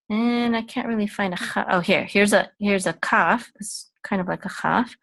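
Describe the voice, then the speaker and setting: A Hebrew teacher with a lowish, fairly bright voice speaks slowly, giving a patient, step-by-step reading lesson that covers each letter and vowel in turn. Her delivery is halting, with frequent ums and self-corrections.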